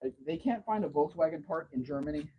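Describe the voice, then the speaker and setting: A man's voice: fairly high pitch, lively intonation, fast, slightly rough, highs cut off. A man hosting a casual livestream from home, telling long rambling stories in a chatty way. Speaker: livestream host.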